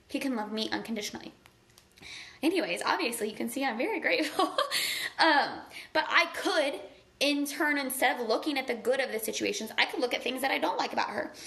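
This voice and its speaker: Brief: woman, live motivational talk, earnest and gushing, high bright voice with a forceful edge. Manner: earnest, gushing and conversational, heavy on "like". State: tearful at times. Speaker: motivational speaker.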